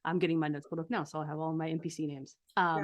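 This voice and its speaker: A woman's voice: deep voice, fairly even intonation, very fast. A woman narrating a horror tabletop game as game master, setting scenes like a film in a casual way.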